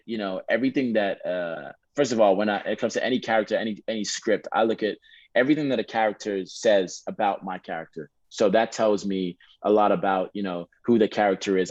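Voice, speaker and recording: An English actor speaking in a put-on American accent, answering interview questions in a relaxed, rambling way with lots of fillers. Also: male voice, fairly low pitch, no room sound, lo-fi sound. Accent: American (put on, Detroit-leaning). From England.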